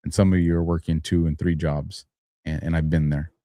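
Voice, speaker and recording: A man's voice: rumbling low, level tone, brisk, no room sound. A tired man hosting a live-streamed talk show, rambling casually with frequent chuckles and getting heated when he argues a point. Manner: rambling, chuckles between phrases, grows heated and louder when arguing. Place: studio.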